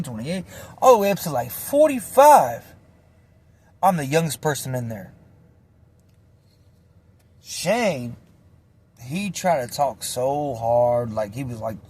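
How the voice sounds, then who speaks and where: A man casually telling a personal story in slangy, animated speech full of swearing. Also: mid-range voice, husky.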